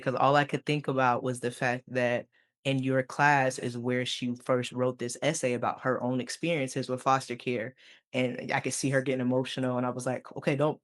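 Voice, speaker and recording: Over a video call, a male teacher who co-hosts a podcast shares stories in a casual, animated way. He laughs a lot and pitches his voice up when quoting people.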